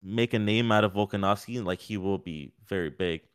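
A man co-hosting a podcast, talking in a rambling, animated, casual way with many fillers. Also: on the low side, brisk, clean tone. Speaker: podcast co-host. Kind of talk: casual sports chat.

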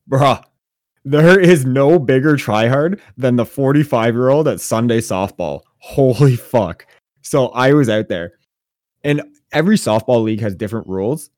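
A low-pitched man co-hosting a casual sports and games chat show. He tells stories with animated, profane energy, swearing freely as he rants. The sound is dry and close, with no room around it. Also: no room sound. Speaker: podcast co-host.

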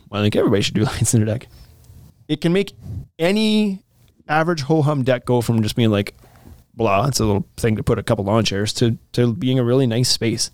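A man's voice: medium pitch, gravelly, a little mellow, no room sound, studio quality. A man co-hosting a casual deck shop podcast, chatty, laughing often and trailing off mid-sentence.

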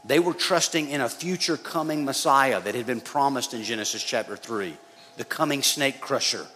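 Here the pastor's medium-pitched voice is bright and forceful, moving at a moderate pace. He preaches conversationally and addresses the listeners as guys, while the hall's long reverb and faint noise sit underneath.

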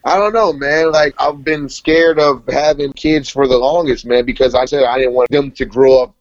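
A laid-back man in his thirties tells personal stories in a relaxed, conversational way, closing almost every sentence with "man". His voice sits in a middle register. The recording is dull and lo-fi. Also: mid-range voice, normal speed. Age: 30s. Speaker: interview guest. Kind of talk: casual interview storytelling.

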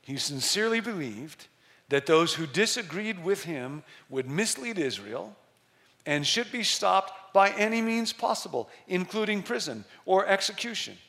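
A middle-aged male pastor preaching a sermon, telling a story with emphasis and slowing down to stress key words. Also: sits high, a bit bright.

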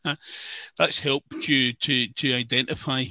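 Older glaswegian guy telling stories, really bright tone, dry sound. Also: mid-range voice, fairly even intonation, measured pace, dry recording. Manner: chatty, anecdotal storyteller. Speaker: interviewer, radio presenter. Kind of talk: casual conversation.

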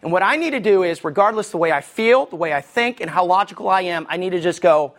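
A man preaching a sermon as lead pastor, animated and acting out quoted voices, calling out to the congregation. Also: fast talker, few pauses. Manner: animated, acts out quoted voices with big pitch jumps; calls out to the congregation for response.

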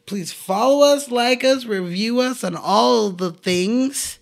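Brash gravelly-voiced woman podcast host. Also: on the high side, slow pace. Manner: brash, joking, swears freely. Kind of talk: casual chat over drinks.

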